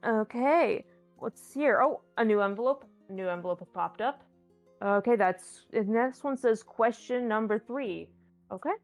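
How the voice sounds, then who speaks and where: A woman hosts a relaxed viewer Q&A on a tabletop game stream, talking in a playful, rambling way and often restarting her sentences. Her voice has a gravelly, fry-laden edge, and faint music plays softly underneath. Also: medium pitch, no echo. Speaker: stand-in host answering viewer questions. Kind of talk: casual live-stream chat.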